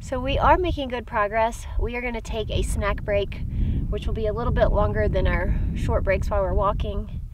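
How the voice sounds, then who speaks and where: A woman's voice: mid-range voice, steady tone, moderate pace. Upbeat woman giving trail tips outdoors. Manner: upbeat, explaining hiking tips. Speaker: hiking vlog co-host. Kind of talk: casual hiking vlog talk. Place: outdoors on a windy mountain. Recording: wind noise on an outdoor camera mic.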